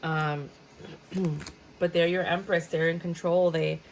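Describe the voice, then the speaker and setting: A woman's voice: fairly low pitch, flat delivery, slow pace, slight background noise, rough recording. Chatty dramatic woman reading tarot. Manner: chatty and dramatic, breaks into sing-song bits. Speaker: tarot reader. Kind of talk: casual tarot reading monologue.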